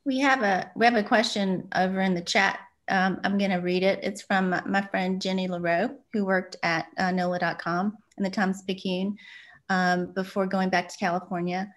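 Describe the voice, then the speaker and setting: A woman's voice: mid-range voice, steady tone, moderate pace. A woman with a refined Alabama accent interviewing an author over a video call, easygoing with hesitant fillers. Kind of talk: conversational interview.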